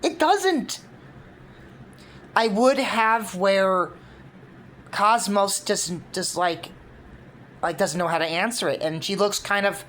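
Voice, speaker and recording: A woman's voice: lowish voice, fairly bright tone, a little hiss or hum. A woman casually laying out her fan concept for a cartoon, rambling with many fillers. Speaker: fan video creator.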